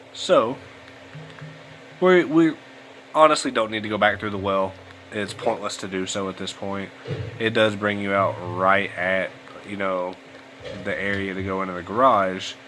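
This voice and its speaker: A man's voice: low-pitched, fairly bright tone, a little hiss or hum, low-quality recording. A young man giving casual, rambling gameplay commentary at home late at night, sounding tired and yawning. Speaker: let's play host. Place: home room at a computer.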